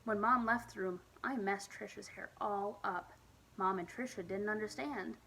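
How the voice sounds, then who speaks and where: Expressive woman reading a picture book. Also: medium pitch, normal speed, creaky, a little hiss or hum, rough recording. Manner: expressive, lively reading with varied emphasis. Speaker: storytime reader. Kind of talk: children's picture book read-aloud.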